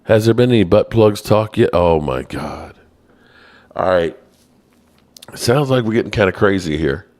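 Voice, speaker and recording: This animated host of a laid-back sports live stream reads viewers' messages in a teasing, self-deprecating way, going up sharply in pitch when exasperated. His darkish voice moves at a measured pace with frequent pauses.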